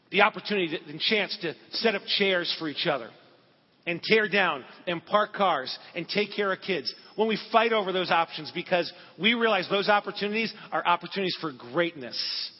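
A man's voice: high-pitched, breathy edge. A man preaching a sermon, telling a personal story in an earnest, conversational way with asides to the congregation. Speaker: pastor. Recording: dull recording in a large reverberant hall.

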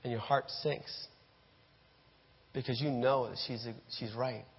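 In a dull hall with echo, a man preaches slowly in a mid-range, breathy voice with fairly even intonation. His sermon storytelling addresses listeners directly as "you" and includes acted-out scenes.

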